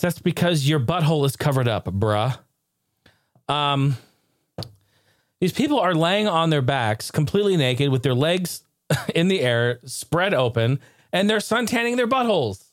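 A man hosting a casual live stream, excitable and ranting one moment, joking the next. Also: fairly high pitch, no echo, studio quality. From United States. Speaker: streamer and show host.

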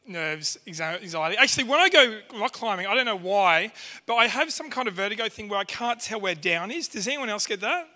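Man with a very high, bright voice, runs a playful quiz for a church crowd. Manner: playful, jokey, quizzing the crowd. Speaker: church speaker. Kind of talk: lively talk with a church audience.

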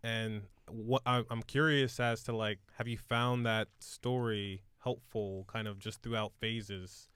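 A man's voice: lowish voice, steady tone, unhurried, hardly any pauses, a bit bright, smooth, no echo. A man hosting a podcast, asking curious, easygoing questions. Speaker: podcast host. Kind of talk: casual podcast conversation.

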